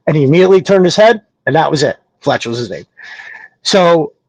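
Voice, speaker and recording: A man hosting a show, casually telling a long personal story, animated and swearing, acting out what people said. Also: fairly high pitch, brisk, breathy edge, no echo, low-quality recording. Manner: animated, swearing, acts out quotes. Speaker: podcast host. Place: small studio. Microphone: studio mic.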